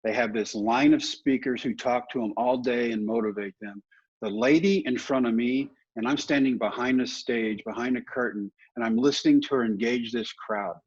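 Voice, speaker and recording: A man in his fifties, a podcast guest and motivational speaker, telling lively, self-deprecating stories. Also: medium pitch, normal speed, breathy edge. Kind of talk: storytelling in a podcast interview. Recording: dull, muffled audio.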